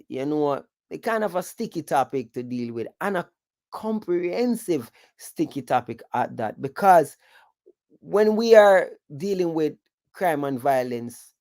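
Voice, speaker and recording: A man's voice: medium pitch, mellow, no echo. A man with a Jamaican accent hosting a live stream, reflective and rambling, with patois tags. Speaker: host.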